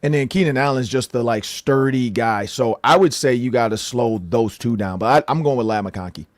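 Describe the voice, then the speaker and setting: A man's voice: medium pitch, normal speed, no room sound. A man co-hosting a casual sports analysis show, rambling and jokey, often correcting himself mid-sentence.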